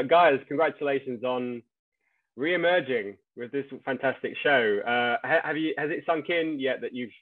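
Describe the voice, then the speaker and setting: A man's voice: medium pitch, dry recording. A British man interviewing two guests in a chatty, joking way, often restarting his sentences. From Britain. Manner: chatty, laughing easily, stumbling restarts. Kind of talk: casual press interview. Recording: tinny phone-like line.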